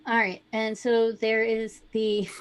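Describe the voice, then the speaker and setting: A woman's voice: on the high side, completely flat delivery, slow. A woman running a tabletop game as game master, in casual, chatty narration.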